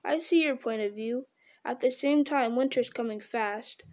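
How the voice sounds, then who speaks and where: A woman reading a storybook aloud, voicing a fussy, polite male hobbit who speaks in a prim, businesslike way, in a higher, mellow voice. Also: normal speed, close to an everyday voice.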